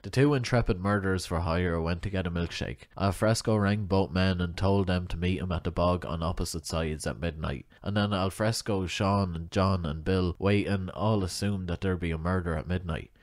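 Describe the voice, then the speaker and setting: A man narrates a comic short story, slipping in wry, deadpan asides. His voice is low, and the recording is close and dry, with no room around it. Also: normal speed, hardly any pauses, no room sound.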